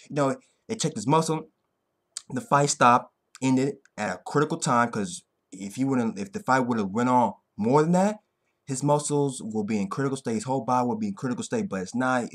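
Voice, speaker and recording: A man recapping an anime fight in a hyped, slangy way, swearing freely as he goes. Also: medium pitch. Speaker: anime reaction vlogger. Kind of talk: excited casual recap.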